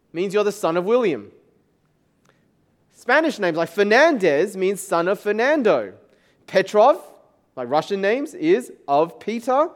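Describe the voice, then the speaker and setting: A man preaching a sermon as pastor, talking to the congregation in a conversational, joking way. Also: high voice. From Chinese background.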